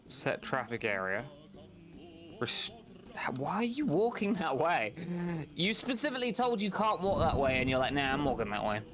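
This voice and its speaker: A young man chats through a live game stream in an everyday mid-range voice. He scolds the characters, swears freely and breaks into laughs. Soft music plays faintly behind him. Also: mid-range voice. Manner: exasperated, swears at the game's characters, laughs often. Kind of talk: casual live gameplay commentary.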